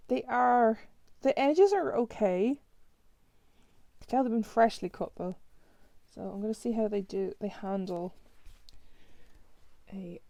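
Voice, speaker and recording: A woman's voice: a little high, measured pace, creaky, pauses often, warm tone, dry recording. A woman casually flipping through a new tarot deck, naming each card and reacting with chatty remarks. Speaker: tarot reader reviewing a deck.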